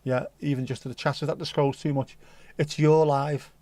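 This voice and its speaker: A man's voice: a little high, flat delivery, normal speed, a little mellow, dry recording. A middle-aged man with a Liverpool accent, hosting a livestream and chatting casually to his live chat with jokey, rambling asides. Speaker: livestream host.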